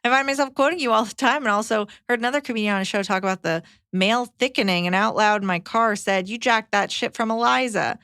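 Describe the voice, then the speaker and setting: A woman's voice: on the high side, quick pace, hardly any pauses, a bit bright, clear, resonant tone, no room sound, clean studio sound. Woman reading listener letters aloud. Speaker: podcast co-host.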